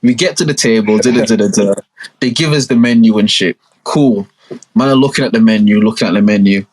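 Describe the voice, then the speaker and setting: A young man telling a story on a podcast, animated and full of street slang. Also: lowish voice, a little fast, rough recording. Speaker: podcast co-host. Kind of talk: casual storytelling chat.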